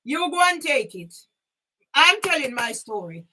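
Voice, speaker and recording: An older woman speaking from home in an impassioned, rambling monologue to camera, at times breaking into loud outbursts. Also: sits high, sing-song, measured pace. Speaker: vlogger. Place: sitting at home. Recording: voice a bit far from the mic.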